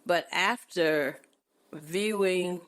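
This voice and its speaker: Low-voiced woman in her eighties. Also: extremely slow. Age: 80s. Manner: warm, laughing, churchy turns of phrase. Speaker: podcast guest. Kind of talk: casual chat.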